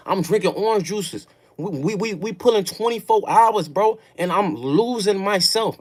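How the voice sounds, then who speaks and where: This man talks with a Chicago accent and tells a story on his stream. He speaks in casual, profane street slang, dropping "folk" and "bro" between phrases. He sinks into low brooding murmurs, then breaks into loud, raised outbursts. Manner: emphatic, profane street talk, peppers lines with "folk" and "bro". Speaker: livestream host. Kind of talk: casual storytelling to a live audience.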